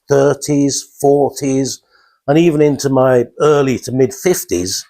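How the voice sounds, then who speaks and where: A man gives his first talk in a small lounge, speaking haltingly with restarts and fillers. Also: mid-range voice, darkish tone. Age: 50s. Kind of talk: informal talk to a small audience.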